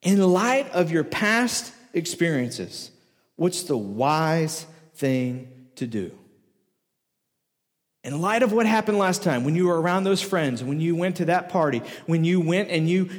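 A high-pitched male pastor preaching with emphatic repetition, coming back again and again to the same rhetorical question. His voice carries through a large church hall with a long, lingering reverb. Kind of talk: sermon.

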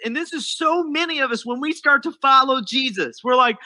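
A man preaching a sermon, animated and acting out the voices of the people in the story he tells. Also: extremely high pitch, fairly quick, hardly any pauses. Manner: animated, acts out quoted voices. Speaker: pastor.

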